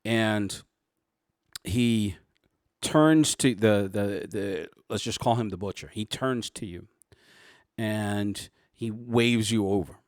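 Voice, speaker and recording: A man narrating a tabletop role-playing game as game master, describing scenes in halting, restarting sentences. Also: fairly low pitch, dry recording, clean studio sound.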